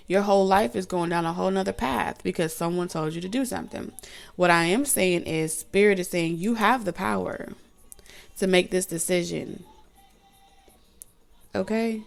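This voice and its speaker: A woman giving a tarot reading straight to the viewer, blunt and animated, with slang and the odd swear word. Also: fairly low pitch, normal speed, gravelly. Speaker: tarot reader. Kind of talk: direct-to-camera tarot reading.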